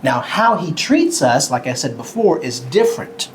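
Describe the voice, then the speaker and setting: Man teaching the Bible to kids, slow. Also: fairly high pitch, sing-song, a little hiss or hum, poor audio. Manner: slow, deliberate, a bit cartoonish, asks the kids questions. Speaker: pastor teaching children.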